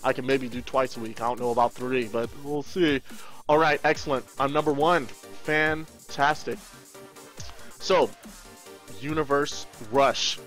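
A man hosting a livestream, giving casual game commentary in an excitable, goofy way and thinking aloud. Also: medium pitch, measured pace, faint music behind. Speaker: livestream host.

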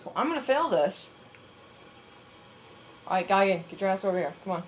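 Excitable woman gamer yelping at a game. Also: mid-range voice, moderate pace, a little hiss or hum. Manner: excitable, yelps and shouts at the game, swears. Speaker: let's play gamer. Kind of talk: casual gameplay commentary.

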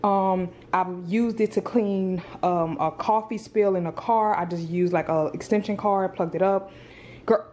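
A woman's voice: mid-range voice, fairly even intonation, unhurried, darkish tone, highs cut off, a little hiss or hum. A young woman chatting casually to her camera at home, calling her viewers "girl" and "y'all". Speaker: vlogger. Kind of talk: casual vlog chat to camera. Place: at home in an apartment. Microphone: camera on a tripod.

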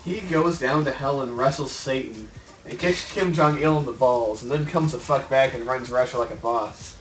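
A man's voice: mid-range voice, moderate pace, a little hiss or hum. A man joking around in a goofy way while co-hosting a game stream. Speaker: co-host. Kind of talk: casual gaming chat. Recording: roomy, distant from the mic.

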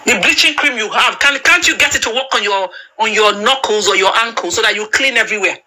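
On a live video panel, a woman launches into an angry, insulting tirade through a phone mic, stumbling over words and repeating herself. Her voice is fairly high, quick, and sharp, and the audio quality is poor.

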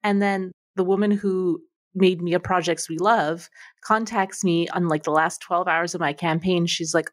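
A woman co-hosting a podcast, chatting excitedly and laughing often. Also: fairly low pitch, normal speed. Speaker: podcast co-host. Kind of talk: casual podcast chat.

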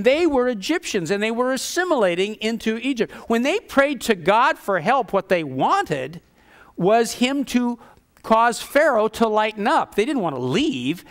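A man delivers a sermon with a smooth, resonant voice that sits a little high for a man. He is animated, and he slips into mocking voices when he quotes complainers. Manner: animated, acts out grumbling voices with scorn. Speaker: preacher.

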